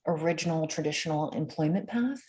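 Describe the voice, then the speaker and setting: A woman's voice: deep voice, brisk, mellow. A woman hosting a podcast interview who affirms her guest and reflects on his story. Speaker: podcast host.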